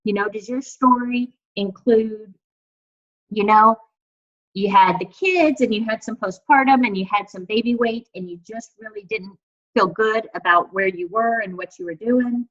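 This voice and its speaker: A woman's voice: mid-range voice, moderate pace. A woman leading her team on a video call, chatty and encouraging, with many fillers. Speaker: team leader. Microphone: computer mic on a video call. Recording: dull, lo-fi video call audio.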